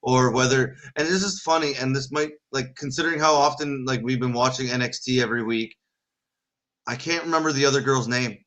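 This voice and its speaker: A man's voice: medium pitch, a little fast, a bit bright. A man co-hosting a live wrestling watch-party stream, chatting enthusiastically with rambling restarts. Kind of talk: casual live-stream chat.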